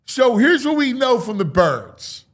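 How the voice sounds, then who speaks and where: A man hosting a sports talk show, gushing and loud with excitement. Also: extremely high pitch, a little slow.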